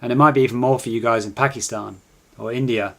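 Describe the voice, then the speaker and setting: A man talks through a live stream in a chatty, self-mocking way, keeping the patter going and coaxing his viewers to join in. His voice sits at an ordinary middle pitch for a man. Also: steady tone, fast, gravelly, a bit bright. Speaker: trading live-stream host. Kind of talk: casual live-stream chat.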